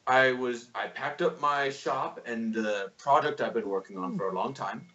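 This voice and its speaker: A man voicing a frightened, grateful old male gnome who pleads in a high, breathless voice. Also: normal speed, bright, forceful tone, lightly acted. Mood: shaken. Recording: dull lo-fi sound.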